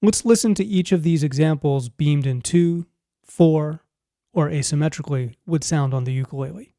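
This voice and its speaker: A man narrating a scripted music lesson, explaining clearly and at a measured pace. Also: a little high. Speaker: music teacher.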